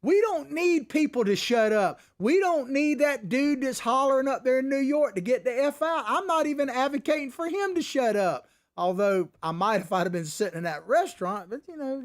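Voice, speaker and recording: Middle-aged male host, high voice that swings all over, folksy and combative. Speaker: commentary show host. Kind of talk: opinionated political commentary.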